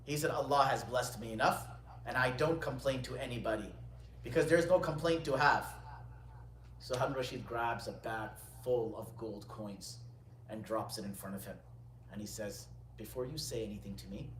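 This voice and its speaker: A man teaching a religious gathering, telling stories with lively retelling, quoting Arabic lines and then translating them. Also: on the low side, fairly quick, slight background noise. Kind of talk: storytelling lecture. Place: indoor gathering room. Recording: echoey room, distant mic.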